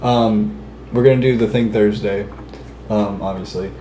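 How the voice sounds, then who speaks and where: A man's voice: lowish voice, steady tone, moderate pace, mellow, slight background noise. A young man co-hosting a podcast in casual chat, talking hesitantly and searching for words with many fillers. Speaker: podcast co-host. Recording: roomy echo.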